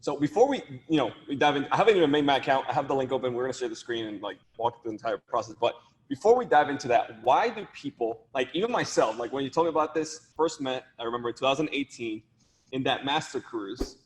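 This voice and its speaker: A man's voice: medium pitch, lively intonation, fast. A man hosting a casual interview, talking loosely and filling his speech with "like". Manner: laid-back, heavy use of "like". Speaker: host, interviewer.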